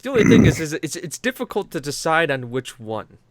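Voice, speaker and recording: A man's voice: a little high, very animated, fairly quick, no room sound, clean studio sound. A man from the United States co-hosting a gaming podcast, chatting casually, swearing freely and laughing often as he tells stories. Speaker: podcast co-host. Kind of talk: casual chat.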